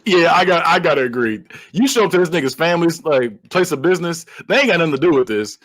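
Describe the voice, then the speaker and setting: Man, podcast host, casual film recap, lively swooping pitch, fairly high voice, dry close sound, laughs a lot. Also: fast, no echo, low-quality recording. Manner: animated storytelling, acts out lines, laughs often, swears casually. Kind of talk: casual movie recap chat.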